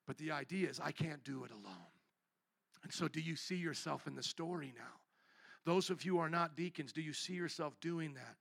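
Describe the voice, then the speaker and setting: Male pastor from the Midwest, high voice, gravelly, animated storytelling sermon. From American Midwest. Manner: animated, acts out voices and signs in stories.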